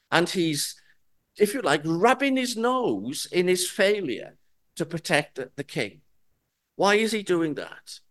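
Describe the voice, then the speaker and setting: A male preacher working through scripture in a measured sermon. His voice sits a little high and moves animatedly as he acts out the lines. He takes his time over each phrase. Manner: reads scripture dramatically, lively rises and falls. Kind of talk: expository Bible sermon.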